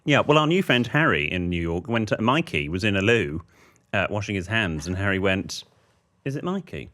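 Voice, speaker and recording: A man co-hosting a podcast, chatting casually and telling animated anecdotes, often slipping into other people's voices. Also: low voice, moderate pace. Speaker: podcast co-host. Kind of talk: casual chat.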